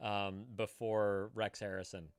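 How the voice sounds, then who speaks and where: A man co-hosting a casual live stream, animated and swearing freely, breaking into loud shouted bits. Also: on the low side, measured pace, smooth, dry recording. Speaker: streamer co-host.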